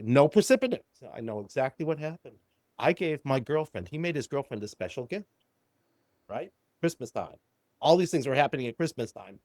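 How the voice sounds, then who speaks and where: An older man, a psychologist guest on a podcast, telling a client story and acting out the dialogue in animated quotes. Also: a little high, fairly quick, no echo, clean studio sound.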